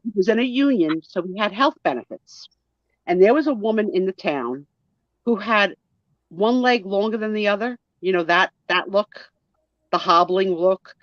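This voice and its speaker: This guest storyteller, a New Jersey woman in her sixties, has a medium-pitched, slightly bright voice and talks at normal speed. The audio is dry but muffled and lo-fi as she casually shares family stories and imitates how others sound.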